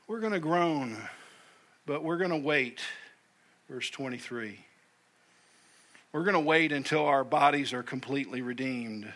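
A man preaching a sermon as pastor, emphatic, repeating key phrases and dropping to a hush for weight. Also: on the high side, unhurried. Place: church sanctuary.

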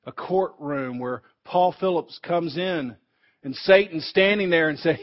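A man's voice: a little high, a little slow. A man preaching a sermon in an emphatic way, building to fervent peaks, heard on a dull, lo-fi recording.

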